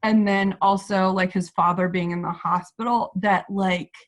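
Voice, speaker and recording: A woman joins a casual book chat as a guest. She talks in a rambling, heartfelt way and often restarts her sentences, at an ordinary pitch. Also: steady tone, normal speed. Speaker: podcast guest.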